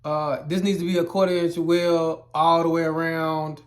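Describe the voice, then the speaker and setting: A welding instructor with a fairly high, fairly flat voice explains welding terms at a moderate pace in a casual video. He is loose and rambling, repeats himself, and throws in playful, exaggerated asides.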